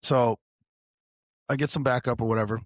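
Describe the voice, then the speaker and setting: Recorded cleanly in a studio with no echo, a medium-pitched man speaks at a moderate pace. He's a sheriff's deputy co-hosting a podcast, casually recounting something from work. He gets animated, swears, and keeps calling the listener "bro."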